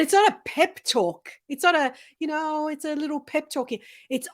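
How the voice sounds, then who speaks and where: Expressive woman host, fairly high voice. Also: normal speed, hardly any pauses. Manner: expressive, acts out quotes in a softer voice. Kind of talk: heartfelt interview conversation.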